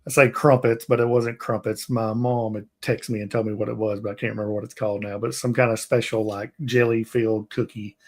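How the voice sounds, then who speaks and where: Southern-accented American man, chatty livestream host who rambles and laughs easily. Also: lowish voice. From Tennessee, USA. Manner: rambling, laughs often, drawling. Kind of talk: casual interview chat.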